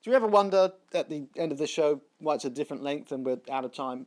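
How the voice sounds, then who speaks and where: A man's voice: medium pitch, quick pace, few pauses, no echo. A man hosting a comedy tech news show, delivering sarcastic, self-deprecating jokes. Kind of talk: comic tech news monologue.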